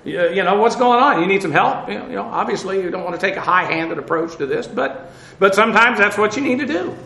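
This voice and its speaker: A man's voice: high voice, expressive, quick pace, gravelly, bright, forceful tone, echoey room, rough recording. Blunt, conversational male Bible teacher. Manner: blunt, conversational, many fillers and restarts. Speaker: preacher.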